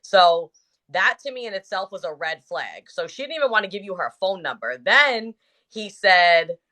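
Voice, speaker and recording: Bright-voiced opinionated woman podcaster. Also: mid-range voice, lively intonation, normal speed. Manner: opinionated and emphatic, slangy. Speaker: podcast co-host. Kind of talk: casual podcast chat.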